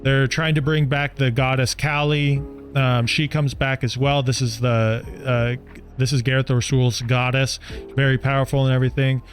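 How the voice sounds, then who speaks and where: A man co-hosting a book review podcast, recapping the plot in a brisk, plainspoken way and pushing the talk along. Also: mid-range voice, level tone, soft background music. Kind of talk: casual chat recapping a book.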